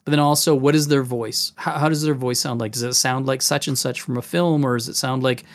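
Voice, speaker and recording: A man who is a game master hosts a casual podcast about running tabletop games. His mid-range voice moves a little fast, and he talks in an animated, demonstrative way, jumping into voices.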